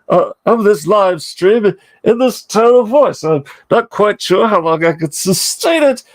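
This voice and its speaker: A man hosting a livestream, voicing a pompous, pedantic older male professor in an outrageous put-on accent. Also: high voice. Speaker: livestream host.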